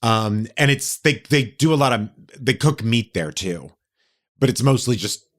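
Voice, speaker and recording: A man co-hosting a podcast, chatting casually and telling stories in an animated, theatrical way. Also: mid-range voice, a little slow. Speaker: podcast co-host. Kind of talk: casual chat.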